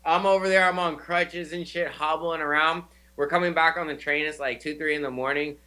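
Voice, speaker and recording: A young man hosting a casual chat, telling stories in a slangy, swearing, animated way. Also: on the high side, brisk. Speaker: show host.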